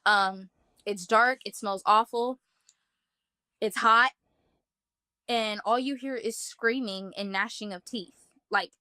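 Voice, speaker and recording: A woman's voice: medium pitch, steady tone, slow, pauses often, bright, forceful tone, smooth, dry recording, clean studio sound. A woman earnestly recounting a personal experience in vivid first-person detail, talking casually with many "like" fillers. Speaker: guest telling a personal testimony. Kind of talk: emotional first-person storytelling.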